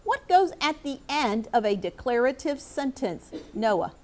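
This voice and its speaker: Middle-aged female teacher, higher pitch, clear and encouraging classroom delivery. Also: sing-song, measured pace, a little mellow. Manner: clear, encouraging, calls on students by name. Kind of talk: classroom lesson for students and viewers.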